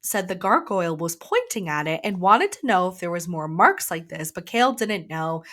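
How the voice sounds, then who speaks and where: A woman co-hosting a book club podcast, summarizing chapters in a relaxed, casual way with lots of fillers. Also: on the low side, moderate pace. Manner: relaxed retelling with many "like" fillers. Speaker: podcast co-host.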